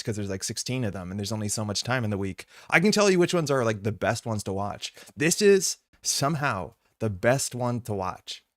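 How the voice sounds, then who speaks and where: A man's voice: mid-range voice, no echo, clean studio sound. A man from Canada hosting a live stream, chatting casually and answering viewers in chat. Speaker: streamer host.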